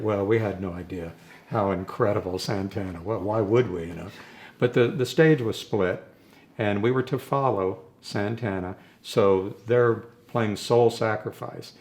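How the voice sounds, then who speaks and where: A man's voice: fairly low pitch, measured pace, a little mellow. An older man, a rock drummer, reminiscing in a rambling, casual way during an interview and chuckling between his stories.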